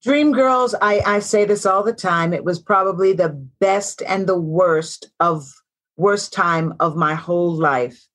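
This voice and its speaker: A woman's voice: lowish voice, unhurried, fairly bright tone. A woman in her sixties, a guest actress in an interview, telling stories in a reflective way and repeating phrases for emphasis. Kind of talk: casual interview talk.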